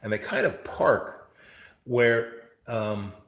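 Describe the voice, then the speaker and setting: A man's voice: mid-range voice, very animated, slow pace, vocal fry, a bit bright, roomy sound, slight background noise, poor audio. A man hosting a rambling, chatty monologue and telling stories. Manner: chatty, storytelling, mimics others in raised voice. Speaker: host.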